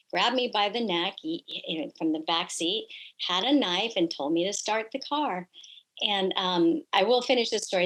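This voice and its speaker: A woman's voice: mid-range voice, a bit bright, low-quality recording. Middle-aged woman, guest on a chat, earnest and reflective, lots of ums. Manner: earnest, reflective, with frequent fillers. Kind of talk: personal storytelling in conversation.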